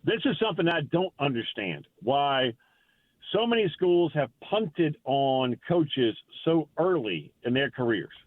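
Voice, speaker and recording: A man chats about college football on a tinny phone line. His voice rides a lively, rather high pitch, and he stumbles and repeats himself as he pushes his points. It sounds plain and dry, with no room behind it. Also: unhurried, dry recording. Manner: animated, emphatic, folksy, stumbles and repeats words. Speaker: college football reporter, guest. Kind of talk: casual sports radio chat. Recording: phone-line call-in audio.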